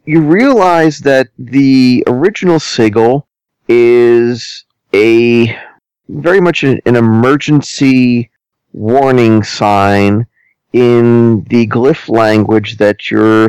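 A man narrating a tabletop game as game master, deliberate and hesitant, with many ums and restarts. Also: mid-range voice, smooth, no echo, low-quality recording.

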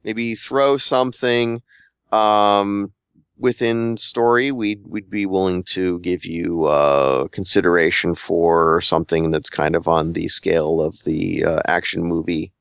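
A man's voice: low voice, fairly even intonation, vocal fry, clean tone, dry recording. A man running a tabletop game as game master, talking casually with frequent restarts and repeated words. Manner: halting, repeats words, searches for phrasing. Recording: dull, lo-fi sound.

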